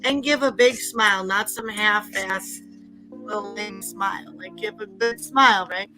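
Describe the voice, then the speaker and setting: A woman's voice: mid-range voice, unhurried, pushed and bright, soft background music, poor audio. A woman in her forties chatting casually, telling stories and laughing often. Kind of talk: casual chat.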